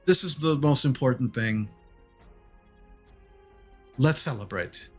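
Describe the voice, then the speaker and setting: Brief: man as a gruff proud father, low and halting, faint music under. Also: a bit bright. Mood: heartfelt.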